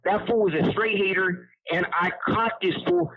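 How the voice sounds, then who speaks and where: A man's voice: high-pitched, fairly even intonation, moderate pace. A man telling a story casually over a phone call, using street slang and rambling with restarts. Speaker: incarcerated storyteller. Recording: tinny prison phone line.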